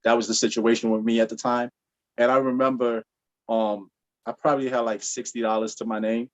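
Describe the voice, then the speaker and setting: A man, a podcast guest, telling a story in casual talk and acting out the dialogue with big swings in pitch. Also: a little fast, muffled recording. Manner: animated, acts out dialogue with jumps in pitch.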